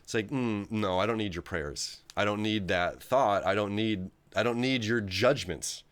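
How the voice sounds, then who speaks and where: A man with a fairly low voice talks through a loose, unscripted monologue. He rambles in a conversational way and keeps checking in with the listener as he goes. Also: normal speed, a bit bright. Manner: rambling, conversational, asks right? often. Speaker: astrology video host. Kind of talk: casual solo monologue.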